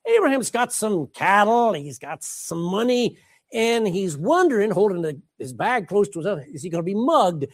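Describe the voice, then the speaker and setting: A man's voice: high voice, very animated, normal speed. A man preaching a sermon, reading scripture and calling out emphatically to his congregation.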